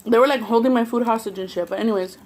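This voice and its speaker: A woman's voice: on the high side, racing. A young woman with a Southern Californian accent, telling blunt, profane stories while eating for her vlog. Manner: blunt, profane, animated storytelling. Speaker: mukbang vlogger. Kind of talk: casual storytelling while eating.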